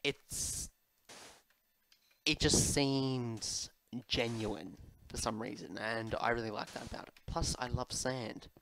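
A man's voice: mid-range voice, fairly even intonation, slow pace, vocal fry, a bit bright, slight background noise. A man giving casual gameplay commentary, answering viewer questions in a rambling, chatty way with lots of fillers and asides to his pet, at a desk microphone at home. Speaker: Minecraft YouTuber.

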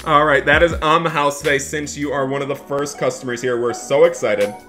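A man doing upbeat game role-play commentary as a barista, excitable and talking to viewers as guys. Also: mid-range voice, brisk, soft background music. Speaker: gaming YouTuber playing a barista.

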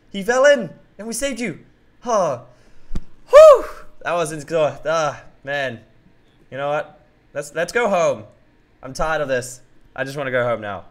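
A man hosting a game roleplay who talks excitably and keeps yelling out names and exclamations. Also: fairly high pitch.

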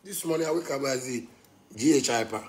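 A man from Ghana with a Ghanaian Pidgin English accent, ranting angrily, swinging between shouting and low muttering. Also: fairly quick, slight background noise. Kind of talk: angry rant.

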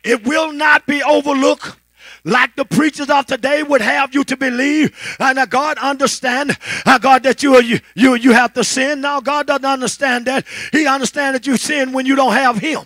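A pastor preaching a fervent sermon, calling to the congregation and building to a shout. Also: male voice, extremely high pitch, steady tone, moderate pace, dry recording.

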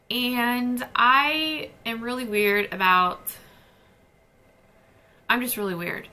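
Young woman gushing about her books, bright tense voice, pitched a bit high. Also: slight background noise. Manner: chatty and gushing. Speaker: book vlogger. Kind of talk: casual book haul chat.

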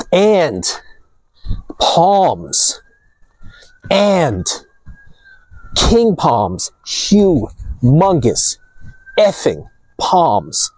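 Man, husky voice, bouncy lively pitch, preachy vlog rant outdoors by the sea. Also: no echo, poor audio. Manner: animated, preachy, addresses viewers as gentlemen. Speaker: vlogger. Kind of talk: casual outdoor rant to camera. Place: outdoors near the ocean.

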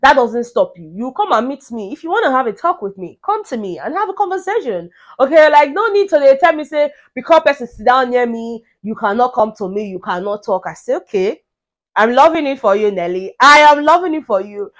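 Animated Nigerian woman vlogger. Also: a little high, brisk. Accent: Nigerian English with Pidgin. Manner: animated, swings from hushed to loud exclaiming. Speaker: reality show recap vlogger. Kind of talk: casual commentary.

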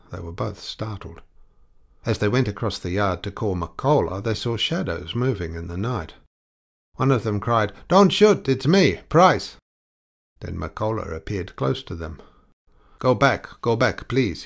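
A man narrating a classic short story as an audiobook, in a measured, deliberate way. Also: sits low, gravelly. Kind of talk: scripted narration.

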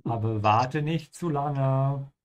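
A language teacher hosting a live stream explains German pronunciation slowly, moving back and forth between English and German. He has a mid-range voice.

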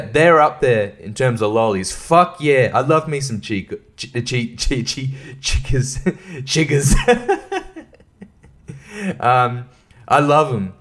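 A man's voice: mid-range voice, fairly bright tone. A man, hosting a casual solo podcast, rambling and swearing with frequent laughs, short on sleep. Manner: rambling, profane, laughing often. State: sleep-deprived. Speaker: podcast host.

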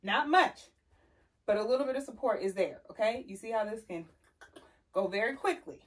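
A sassy, chatty woman talks through a casual tutorial in a fairly high voice. She sounds lively while she walks and demonstrates. She is picked up from a distance, across a carpeted room. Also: moderate pace. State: slightly out of breath. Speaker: style vlogger teaching heel walking.

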